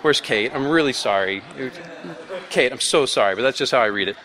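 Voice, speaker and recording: Male pastor, chatty and playful preaching, mid pitch, echoey hall. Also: brisk, pushed and bright. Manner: conversational, playful, acts out voices. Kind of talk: expository sermon. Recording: long hall reverb.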